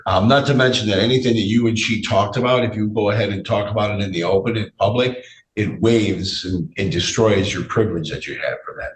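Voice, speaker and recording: A male judge with a voice he says is giving out, speaking in a measured way, often repeating phrases and using fillers during a courtroom hearing. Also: on the low side. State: losing his voice. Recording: echoey room, distant mic, faint noise.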